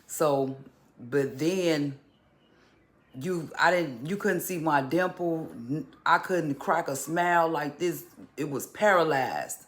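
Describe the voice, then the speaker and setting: Halting, slightly high-voiced man vlogging. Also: fairly bright tone. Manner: halting, with restarts and occasional stutters. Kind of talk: casual talk to camera.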